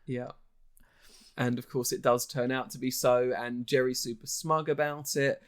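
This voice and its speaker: A man's voice: medium pitch, little pitch movement, moderate pace. A man co-hosting a podcast, chatting casually about a horror film, rambling with many fillers and restarts. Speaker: podcast co-host.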